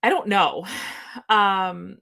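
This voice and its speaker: A woman co-hosting a podcast in casual chat, excitable and gushing, rambling with lots of fillers. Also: mid-range voice, very slow, creaky. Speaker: podcast co-host.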